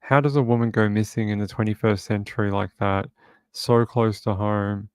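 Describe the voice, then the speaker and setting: A man's voice: on the low side, steady tone, normal speed, darkish tone, smooth, dry recording. A man hosting a true crime livestream from home, chatting casually and reading viewer comments aloud.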